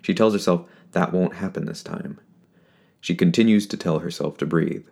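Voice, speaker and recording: A man narrates a story in a steady, measured reading. His voice sits very low and has a rough, gravelly edge. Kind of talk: scripted fiction narration.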